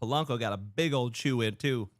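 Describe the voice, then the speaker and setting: A man in his thirties hosting a card-break livestream, chatting casually, excitedly shouting out viewers by name. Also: medium pitch, fairly quick, noisy background.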